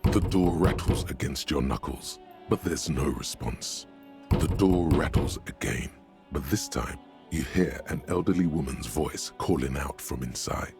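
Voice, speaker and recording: A man voicing the measured inner narrator of a detective video game. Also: very deep voice, darkish tone, soft background music. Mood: ominous.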